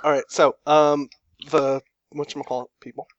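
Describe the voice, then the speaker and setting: A man narrating as game master in a tabletop game over an online call, pausing often to search for words. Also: a little high, little pitch movement, no echo. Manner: halting, filler-heavy. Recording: dull, dry online call audio.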